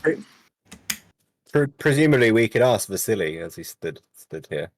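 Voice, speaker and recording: A man playing a tabletop game, laying out plans deliberately with some restarts. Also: fairly low pitch, very animated. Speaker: player. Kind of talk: casual chat at a game table.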